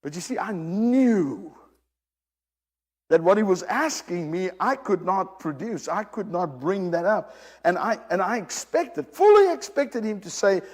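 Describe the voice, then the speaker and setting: Male preacher, high lively voice, repeats himself, hushed then loud, church hall reverb. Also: a little slow. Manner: animated, repeats phrases, swings from hushed to loud. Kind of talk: sermon. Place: church service with a congregation.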